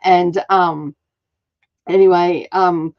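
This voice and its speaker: A woman's voice: lowish voice, steady tone, drawn-out words, lo-fi sound. A middle-aged woman hosting a craft livestream. She chats casually and rambles, laughing often and using lots of fillers. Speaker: craft channel host.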